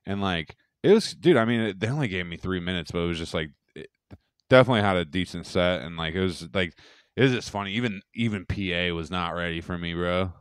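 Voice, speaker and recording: Low, smooth-voiced man, boastful chatter. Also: quick pace, no room sound, clean studio sound. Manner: profane, boastful, rambling storytelling. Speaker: podcast co-host and stand-up comic. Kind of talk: casual podcast chat.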